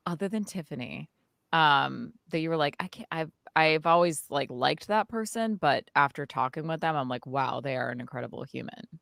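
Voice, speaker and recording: A young woman co-hosting a radio show, playful and quick to react. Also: deep voice, lively intonation, vocal fry, a bit bright, no room sound, studio quality. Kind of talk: casual radio chat.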